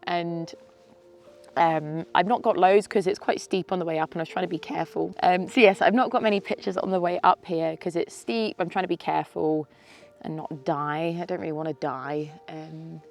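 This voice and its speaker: A woman's voice: on the low side, steady tone, moderate pace, vocal fry, darkish tone, faint music behind. A woman in her thirties talking to camera outdoors on a mountaintop, tearful and sniffly, sighing and laughing between sentences. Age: 30s. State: teary with a snotty nose. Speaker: vlogger. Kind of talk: emotional casual vlog to camera.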